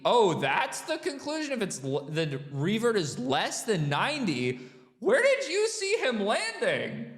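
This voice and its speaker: Slow-paced and high-pitched with huge swings in pitch, this man's voice rings with a long reverb tail. He hosts reaction commentary on a skate video, picking apart a referee's calls with exasperated, incredulous swearing and laughter.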